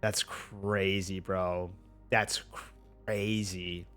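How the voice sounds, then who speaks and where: A man streaming a game reaction rant, excitable and profane, constantly calling out bro and dude. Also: sits low, drawn-out words. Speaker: gaming streamer. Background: game music.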